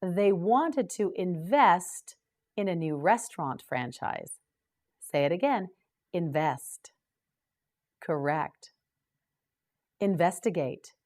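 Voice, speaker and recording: A woman hosting a scripted English vocabulary lesson, slowly and clearly drilling each word for learners to repeat. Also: on the low side, lively intonation, darkish tone. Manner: slow, clear drilling of words. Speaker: English teacher and host.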